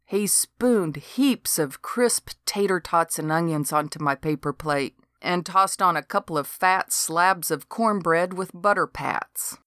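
Woman audiobook narrator, measured and unhurried, lower voice. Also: no room sound, studio quality. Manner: steady, measured storytelling. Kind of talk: novel reading.

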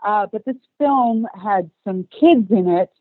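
A woman from Australia with a light Australian accent tinged with British, chatting as an actress and producer in an interview, laughing often and filling pauses with ums. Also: mid-range voice, animated, no room sound. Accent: light Australian mixed with British. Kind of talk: casual interview chat. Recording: dry phone-like line.

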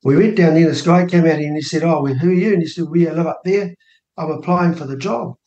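Guest: New Zealand man in his sixties, fairly high voice, spins animated anecdotes, roomy studio sound. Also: a little fast, highs cut off. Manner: acts out quoted dialogue with lively rising voice. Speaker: interview guest, minor party co-leader. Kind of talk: animated personal storytelling.

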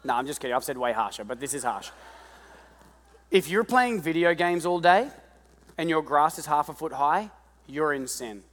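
High-voiced guy preaching, yelling bits of kid and parent talk, long hall reverb. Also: normal speed, long pauses. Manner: animated, shouting impressions of kids and parents. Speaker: pastor. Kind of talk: sermon. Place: church hall.

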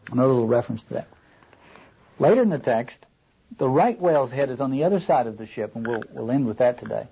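A man lecturing on a novel in a thoughtful, halting way, often stopping to read passages aloud, on a dull lo-fi recording. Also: mid-range voice, lively intonation, vocal fry, slightly rough. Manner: thoughtful, halting, rereads quoted lines aloud. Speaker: literature lecturer.

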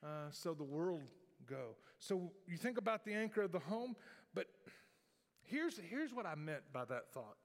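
A man's voice: high voice, big pitch swings, a little slow. A middle-aged male pastor preaching a sermon in a folksy, rambling way with many restarts. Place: church sanctuary. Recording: long hall reverb.

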